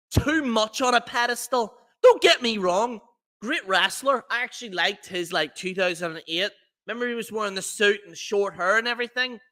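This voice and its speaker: In a bright, forceful, high-set voice, a man ranting on his livestream rambles along, swearing and mocking as he goes.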